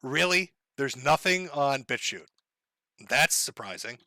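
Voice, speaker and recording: A man's voice: mid-range voice, animated, unhurried, sharp tone, no room sound. Sardonic man hosting a live stream. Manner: sardonic and laughing often. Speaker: livestream host.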